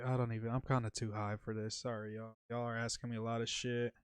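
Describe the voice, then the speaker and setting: A man's voice: medium pitch, level tone, brisk, clean tone, dry recording, studio quality. A man hosting a livestream podcast in a casual, laid-back way, full of slang, reading chat aloud and saying bro a lot.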